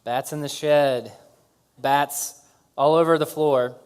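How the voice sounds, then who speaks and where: A man giving a casual talk to an audience about his work, halting with fillers and restarts. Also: fairly high pitch, steady tone, smooth. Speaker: speaker telling his business story.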